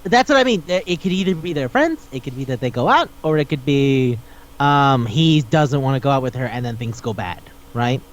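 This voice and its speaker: A man's voice: medium pitch, lively intonation, normal speed. A man hosting a casual podcast chat, rambling and swearing as he retells scenes and acts out the dialogue. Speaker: podcast host.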